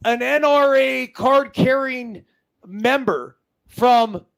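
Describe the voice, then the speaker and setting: A man in his forties, a former ballplayer co-hosting a casual sports chat, talking in an excitable, profane, emphatic way. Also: very high voice, takes it slowly, vocal fry, poor audio. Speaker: co-host, former baseball player.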